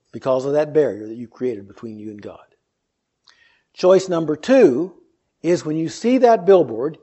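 A man's voice: on the high side, dark tone, husky, highs cut off. A man preaching an earnest sermon, reading scripture and explaining it with rhetorical questions.

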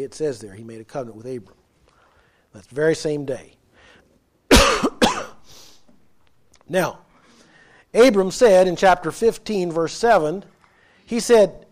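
High-voiced man preaching emphatically. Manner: emphatic, asks the congregation questions. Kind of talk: sermon.

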